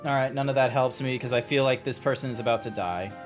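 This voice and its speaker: A man's voice: medium pitch, fast talker, music in the background. Young Australian man, loose chatty streamer who rambles, restarts and swears, mid-range voice. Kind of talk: casual game-stream chat.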